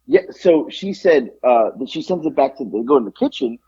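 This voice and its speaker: A man co-hosting a podcast, telling an animated story in casual chat and acting out both sides of the conversation. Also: medium pitch, normal speed, slightly rough, dry recording, lo-fi sound. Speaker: podcast co-host.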